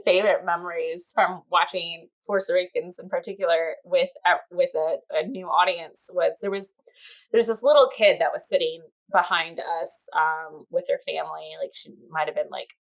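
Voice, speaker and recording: A woman guest on a podcast, a comics editor chatting casually and telling stories in an animated way. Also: lowish voice, normal speed, gravelly, low-quality recording.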